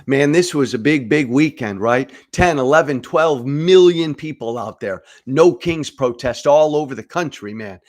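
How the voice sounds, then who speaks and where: A man's voice: medium pitch, expressive, a little slow, hardly any pauses, a little mellow. A middle-aged man hosting a political commentary show, speaking emphatically, with repeated phrases and stammered restarts. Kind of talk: direct-to-camera political commentary.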